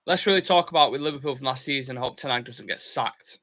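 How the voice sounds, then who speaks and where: A young fan-channel host talks fast and barely pauses, his voice a little high. He's running a live football watchalong, chatting, reading viewer comments aloud, and cheering his team with excitable outbursts.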